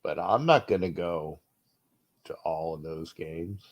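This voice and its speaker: A man hosting a sports fan talk show with a stuffed-up nose, rambling and restarting, his level swinging from low mutters to loud bursts. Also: a little slow. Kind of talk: uncensored fan rant show.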